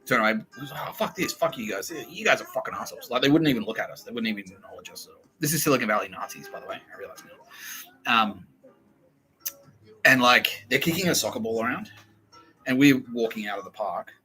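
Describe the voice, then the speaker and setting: A man's voice: medium pitch, fast, faint music behind, low-quality recording. An Australian man telling a comedy story on a podcast, swearing freely and acting out the voices of the people in it. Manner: profane, animated, acts out quoted voices. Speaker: podcast host.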